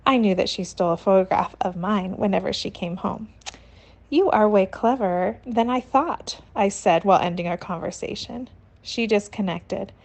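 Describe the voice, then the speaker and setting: Woman, audiobook narrator, steady even reading, mid pitch. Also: normal speed.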